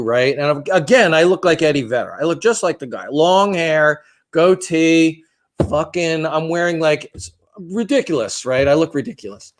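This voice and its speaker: A man's voice: a little high, lively intonation, moderate pace. A man in his fifties co-hosting a podcast, telling a long story in a rambling, profane, self-deprecating way. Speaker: podcast co-host.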